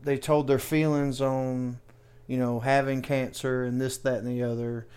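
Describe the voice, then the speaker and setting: A man's voice: mid-range voice, level tone, normal speed, darkish tone, smooth. A man co-hosting a podcast in casual chat, rambling and self-deprecating as he talks. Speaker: podcast co-host.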